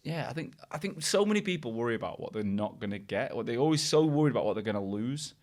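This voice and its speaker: A British man hosts a business podcast at a brisk pace with a mid-range voice. He keeps things light with banter and asks encouraging questions. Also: medium pitch, lively intonation, a little mellow. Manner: quick, banter-heavy, encouraging. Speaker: podcast host. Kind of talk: casual interview podcast.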